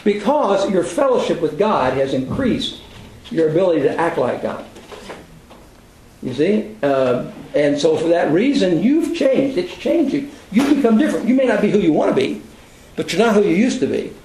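An older man gives a conversational sermon to a class, telling self-deprecating stories in a folksy way. His voice sits high, and the room echoes around him. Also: big pitch swings, moderate pace, warm tone, slight background noise. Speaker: Bible class teacher.

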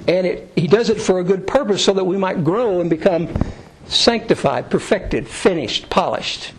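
A middle-aged man delivers a sermon in a relaxed, conversational way. His voice sits a little high for a man. He voices the prayers he quotes with a lift in pitch. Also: moderate pace, a little hiss or hum, low-quality recording. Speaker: pastor.

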